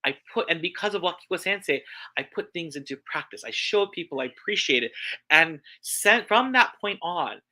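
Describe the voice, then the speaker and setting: A man's voice: a little high, lively intonation, moderate pace, sharp tone. A man with a Hawaiian accent giving a church talk, telling personal stories earnestly and repeating phrases for emphasis. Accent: Hawaiian English. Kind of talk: sermon-style personal storytelling.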